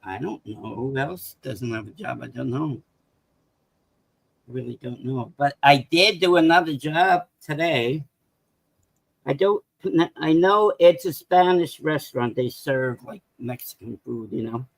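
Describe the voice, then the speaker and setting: A man calling into a sports show, rambling and hesitant, with a gravelly fry in his voice. The sound is dry, over a video call. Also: medium pitch, unhurried, no room sound, low-quality recording. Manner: rambling, hesitant, full of fillers. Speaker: caller. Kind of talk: casual call-in chat.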